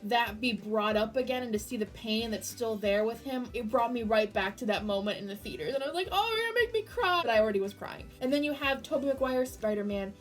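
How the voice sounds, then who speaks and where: A woman giving an excited spoiler review of a movie, gushing, swearing freely and breaking into near-screams. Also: a little high, fairly quick, few pauses, recorded from a distance, faint music behind.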